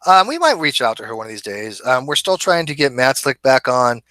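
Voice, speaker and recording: A man's voice: mid-range voice, big pitch swings, a little fast, sharp tone, no echo. A man hosting a debate channel in casual chat, talking conversationally with many fillers.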